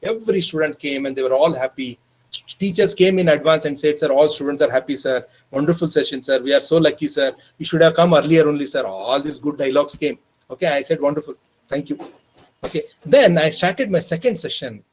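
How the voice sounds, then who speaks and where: A man with an Indian English accent training teachers, telling a story earnestly and calling listeners "my dear friends", dropping softer for tender moments. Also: a little high, poor audio. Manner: slows and softens for emotional moments. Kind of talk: storytelling lecture. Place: online training session.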